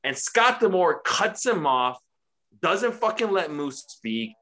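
A man co-hosting a casual wrestling chat, profane and mocking, recapping a show and doing quick impressions. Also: on the high side, very animated, sharp tone. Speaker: wrestling podcast co-host.

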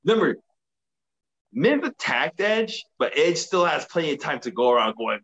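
A man recapping wrestling in casual podcast chat, profane and animated, acting out quotes. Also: medium pitch, normal speed, lo-fi sound. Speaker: podcast co-host.

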